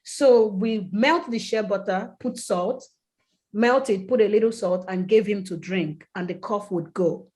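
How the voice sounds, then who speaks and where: A woman's voice: medium pitch, unhurried, a little mellow. A woman guest on a podcast, telling an earnest, emotional personal story with vivid detail and acting out the people she quotes. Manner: acts out quoted people in a raised voice. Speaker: podcast guest, skincare brand founder.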